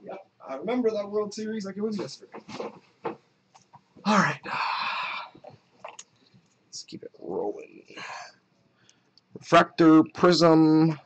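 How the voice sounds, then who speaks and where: A young man chatting casually while opening trading card packs on a live break, excited at the hits and muttering asides. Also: high-pitched, a little slow, creaky, long pauses, highs cut off, noisy background.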